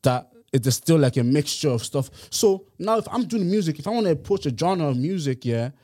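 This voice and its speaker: A man's voice: on the high side, animated, brisk, warm tone. A man from Ireland arguing insistently in a casual podcast debate, often talking over the others.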